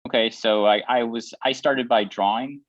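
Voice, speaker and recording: A man's voice: mid-range voice, fairly even intonation, normal speed, no echo. A man working as an interpreter, translating for a guest with frequent restarts and chuckles. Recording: dull lo-fi dry sound.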